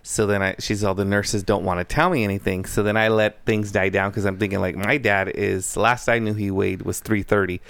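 A man telling a long family story in casual conversation, animated and acting out the dialogue he quotes. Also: lowish voice, brisk, vocal fry, few pauses, no echo.

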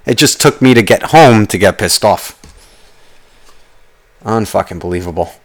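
Brief: young male ranter, low-pitched voice, swears constantly, rambling and animated. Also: normal speed. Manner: profane, rambling, animated storytelling. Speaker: podcast host. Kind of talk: casual ranting monologue.

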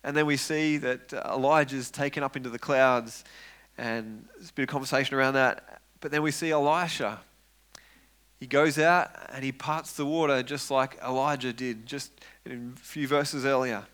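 A man preaching a sermon, retelling a story with lively acted-out quotes and frequent repeated words. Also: mid-range voice, moderate pace. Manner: animated, acts out quoted voices, repeats words when excited.

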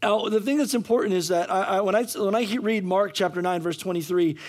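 Male pastor, high-pitched, mid-sermon, emphatic and repetitive with frequent restarts. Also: brisk.

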